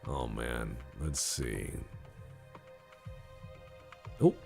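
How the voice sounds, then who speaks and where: A man's voice: a bass voice, slow, gravelly, over music. A man streaming a game and talking casually, rambling in a joking, mock-serious way.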